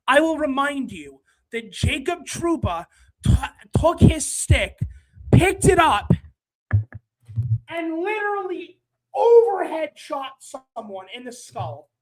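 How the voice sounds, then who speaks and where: High voice, hockey stream host, casual livestream chat, ranting, exasperated, bursts of yelling. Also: sing-song, poor audio. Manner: ranting, exasperated, swings into shouting; quick, run-on talk with apologies to viewers.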